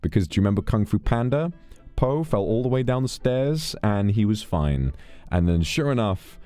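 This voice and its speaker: A man's voice: on the low side, animated, moderate pace, dark tone, faint music behind. A British man chatting casually on a stream, rambling and swearing freely as he tells stories.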